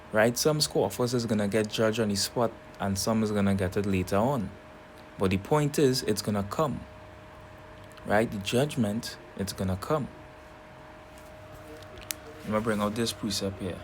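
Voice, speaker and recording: A man teaching a scripture lesson who keeps checking in with "right?" and reads verses slowly and deliberately. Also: on the low side, a little hiss or hum. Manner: keeps asking "right?" between points. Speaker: preacher.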